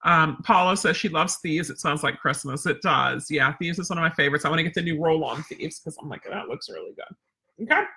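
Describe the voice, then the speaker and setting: A woman's voice: sits low, fast talker, hardly any pauses, bright, forceful tone. A woman dog trainer teaching a casual live webinar, chatty and rambling with lots of fillers.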